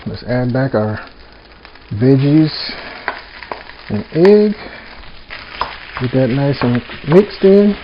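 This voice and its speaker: A man's voice: mid-range voice, big pitch swings, extremely slow, pauses often, a little hiss or hum. A man hosting a casual home cooking vlog, talking folksy and easy to his viewers. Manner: folksy, keeps addressing viewers as "y'all". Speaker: home cook, channel host. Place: home kitchen. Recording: dull lo-fi audio with music bed. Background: background music and sizzling pan.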